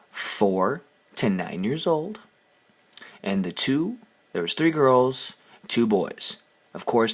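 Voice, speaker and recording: A man's voice: sits low, fairly bright tone. A man telling a story on his vlog in a heated, sarcastic rant full of swearing. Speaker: vlogger. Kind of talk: angry ranting storytelling.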